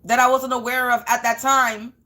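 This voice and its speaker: Defiant woman, fairly high voice. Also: little pitch movement, moderate pace, sharp tone. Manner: defiant, emotional, repetitive. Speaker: spiritual reader and vlogger. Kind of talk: emotional monologue vlog.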